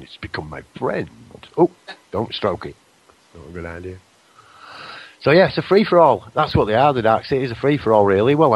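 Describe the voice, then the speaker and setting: Excitable radio host. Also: male voice, fairly low pitch, slightly rough, highs cut off. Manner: rambling and excitable, self-deprecating. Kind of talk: casual radio chat. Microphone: close-up microphone.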